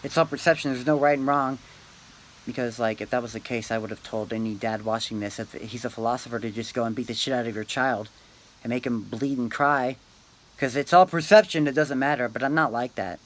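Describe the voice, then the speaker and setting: A vlogger rambles to camera in a meandering, philosophizing monologue, pausing often and tacking "man" and "dude" onto his lines. His voice is mid-range and the audio is poor.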